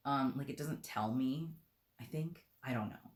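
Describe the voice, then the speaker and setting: A woman reading a children's book aloud on a live stream, with unhurried, self-deprecating asides to chat. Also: a bass voice. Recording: roomy echo.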